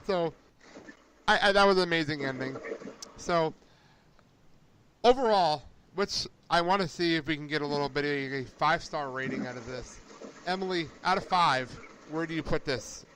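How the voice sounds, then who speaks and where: A man's voice: on the high side, normal speed, long pauses, a little hiss or hum. A man co-hosting a podcast in casual chat, telling stories with lots of laughter. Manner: animated, laughs often, excitable storytelling. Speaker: podcast co-host.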